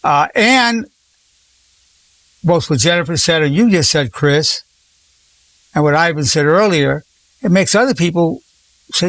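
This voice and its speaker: Gravelly old man leading a group. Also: fairly high pitch, lively intonation, unhurried, long pauses. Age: 80s. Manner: effusive, warmly repeats praise words. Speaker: psychologist leading a group session. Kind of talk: encouraging group talk.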